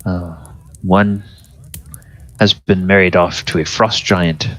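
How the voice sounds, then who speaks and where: A man voicing a solemn giant king, a grieving father who speaks in a grave, measured way, in a tabletop game. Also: low voice, fairly even intonation, a bit bright, no room sound. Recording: dull lo-fi recording.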